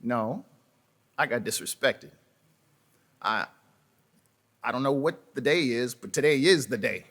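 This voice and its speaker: Slow, bright-voiced pastor preaching a sermon. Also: male voice, mid-range voice, animated. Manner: folksy storytelling with asides to the congregation; halting, repeats words and restarts. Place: church sanctuary.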